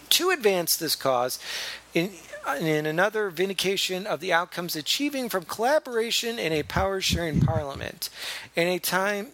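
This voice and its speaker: A man's voice: high-pitched, a bit bright. A man hosting a comedy podcast, reading news and joking, with frequent restarts. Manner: jokey, stumbling restarts. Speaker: podcast host. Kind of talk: casual chat, reading news.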